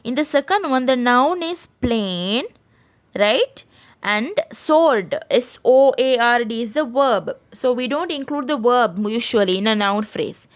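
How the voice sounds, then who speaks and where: A woman's voice: a little high, animated, a little slow. A woman from Sri Lanka teaching an English grammar lesson online, explaining step by step and checking in with "right?" after each point. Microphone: screen-share voice recording.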